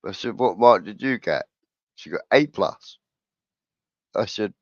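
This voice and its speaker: A man's voice: lowish voice, unhurried, pauses often, dry recording. A middle-aged man, telling a school anecdote in casual stream chat and acting out the dialogue. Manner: animated anecdote-telling, acts out quoted dialogue. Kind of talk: casual storytelling on a livestream. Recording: dull lo-fi sound.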